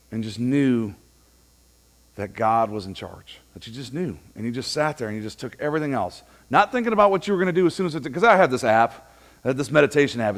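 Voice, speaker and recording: A pastor with a mid-range voice preaches a casual, conversational sermon in a church. He tells funny stories and acts out both sides of the dialogue.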